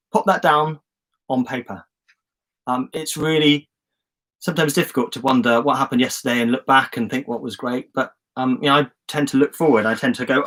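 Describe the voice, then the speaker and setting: Chatty encouraging man hosting a live stream. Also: mid-range voice. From England. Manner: chatty and encouraging, reads out viewer comments with lively enthusiasm. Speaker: host of a live online journaling session. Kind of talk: casual live-stream coaching. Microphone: phone or webcam on a live stream.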